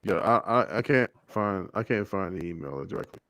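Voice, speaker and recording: A man's voice: low-pitched, expressive, fairly quick, gravelly, sharp tone, dry recording, studio quality. A man hosting a casual talk show, hesitant and full of stammered restarts as he asks guests questions. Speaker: show host. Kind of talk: casual live show chat.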